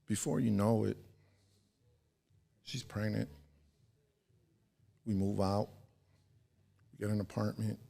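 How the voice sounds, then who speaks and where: A man's voice: fairly low pitch, little pitch movement, slow pace, vocal fry, long pauses, dark tone. A man in his forties, a podcast guest, tells a story in a laid-back, slangy way, swearing and checking in with "right?". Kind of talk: casual storytelling.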